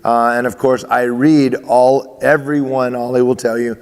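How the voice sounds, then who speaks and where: A male baseball coach speaking emphatically to his athletes, driving each point home by repeating it. His voice sits at an ordinary middle pitch. The room adds a long, lingering reverb. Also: level tone, normal speed, darkish tone, smooth. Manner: emphatic, repeats phrases, restarts.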